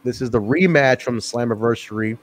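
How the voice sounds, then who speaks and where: A man co-hosting a casual wrestling review podcast, profane and quick to laugh. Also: mid-range voice, a little hiss or hum. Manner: profane, animated, laughs often. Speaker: podcast co-host.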